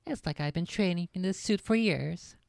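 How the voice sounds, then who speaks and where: A woman's voice: fairly low pitch, normal speed, creaky, darkish tone, no echo, studio quality. A woman reading aloud and voicing a confident young woman super-soldier in an assured tone.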